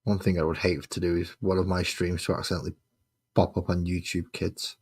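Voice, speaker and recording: A man's voice: low-pitched, little pitch movement, brisk, darkish tone, slightly rough. A man streaming his miniature painting, chatting casually and muttering sarcastic asides to himself as he works. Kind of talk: casual chat while painting.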